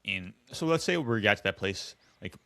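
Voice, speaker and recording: A man with a very low voice hosts a casual podcast chat, hedging his phrasing and using lots of fillers. The sound is dry and close. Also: animated, normal speed, vocal fry, a bit bright, no room sound. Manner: hesitant, many fillers like "like" and "kinda". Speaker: podcast host.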